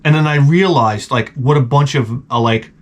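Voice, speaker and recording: A man telling a rambling, profane comic story with deadpan asides, as a vlogger. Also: medium pitch, moderate pace.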